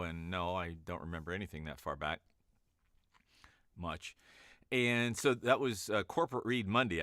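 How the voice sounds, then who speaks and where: A man talks casually to camera from his home studio, a voice-over artist who rambles from one thought to the next. His voice sits low, and his greetings lift upbeat. The studio mic sounds close and dry, with no room around it. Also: a bit bright, clear, resonant tone, no room sound. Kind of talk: casual vlog chat.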